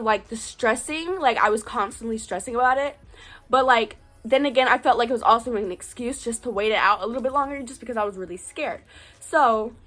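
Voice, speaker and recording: Chatty young woman telling a storytime. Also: fairly high pitch. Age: teens. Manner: chatty, animated, lots of "like". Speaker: vlogger. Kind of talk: casual storytime vlog.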